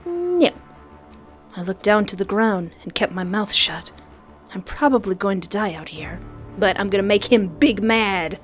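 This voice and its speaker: A woman reads a horror visual novel aloud as she plays, her medium-pitched voice at a measured pace over soft background music. She reacts in an animated, jokey way with dramatic outbursts.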